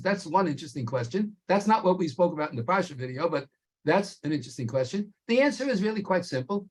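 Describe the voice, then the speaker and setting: A man teaching a Torah class, explaining slowly and stretching key words for emphasis. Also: sits high, slightly rough.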